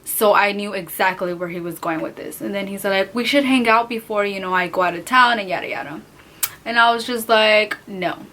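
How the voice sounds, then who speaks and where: A young woman telling a storytime vlog, animated and profane, acting out the other people's voices as she goes. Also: medium pitch, a little fast. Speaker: vlogger.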